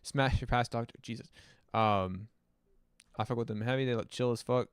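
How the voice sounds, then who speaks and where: Smooth-voiced man, rambling stream host. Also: mid-range voice, steady tone, normal speed, dry recording, clean studio sound. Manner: loose, rambling and profane, many fillers. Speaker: host reviewing music submissions. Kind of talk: casual livestream commentary.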